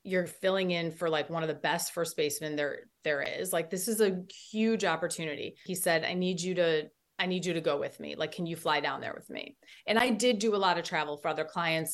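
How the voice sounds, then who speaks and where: A woman in her thirties, appearing as a podcast guest, tells a story casually and with animation, peppering it with "like." Her voice sits low.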